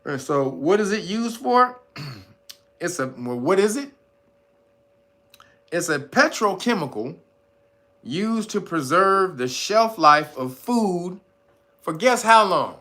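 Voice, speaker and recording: A man hosting a casual livestream, talking straight to his viewers in a profane, animated way, laughing often and reading out chat guesses. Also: sits high, takes it slowly, pauses often. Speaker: host.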